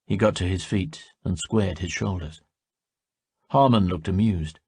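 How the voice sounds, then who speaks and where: A man narrating an audiobook in a measured storytelling manner. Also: low-pitched, vocal fry, a little mellow, husky, no room sound, studio quality.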